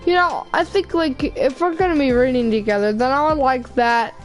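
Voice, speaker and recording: A woman's voice: high-pitched, normal speed, soft background music, close to an everyday voice, low-quality recording. Woman reading as a cheerful, friendly teen girl. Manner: upbeat, encouraging. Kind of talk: reading a visual novel aloud.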